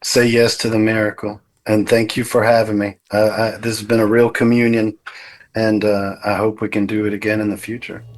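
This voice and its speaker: Podcast guest guy, kinda low voice, short earnest answers. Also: little pitch movement, normal speed, a little hiss or hum. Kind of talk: casual conversation.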